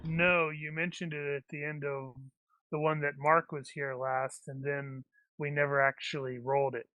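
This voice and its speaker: A man playing in a tabletop game, trading quick jokes with the others. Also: a little high, little pitch movement, bright, forceful tone, no room sound, rough recording. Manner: joking, quick banter. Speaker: player. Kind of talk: casual tabletop play.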